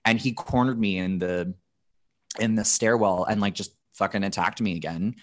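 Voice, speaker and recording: A man's voice: on the low side, moderate pace. A man in his thirties, a podcast guest telling candid, profane stories in casual chat, often restarting his phrases.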